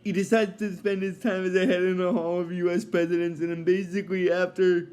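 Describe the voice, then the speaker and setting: A man's voice: sits high, little pitch movement, brisk, a little mellow. A man recapping a cartoon episode in a casual, rambling way, with many fillers and chuckling asides. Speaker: episode reviewer.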